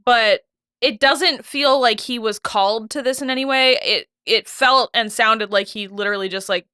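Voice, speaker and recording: Bright, chatty woman co-host. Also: a little high, normal speed, clean tone, no room sound, studio quality. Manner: chatty, many fillers and restarts. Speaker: podcast co-host. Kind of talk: casual recap chat.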